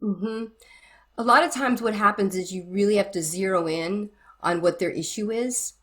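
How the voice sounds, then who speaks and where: At a moderate pace, this middle-aged woman speaks in a medium-pitched voice. She ministers to married couples and, as an interview guest, animatedly tells stories in a conversational style, acting out the dialogue she quotes.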